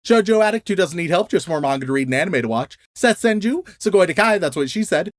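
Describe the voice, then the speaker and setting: A man's voice: sits high, expressive, fast, no echo, clean studio sound. A young man co-hosting a podcast, reading out a list of names in a casual, laughing, stumbling way. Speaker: podcast co-host.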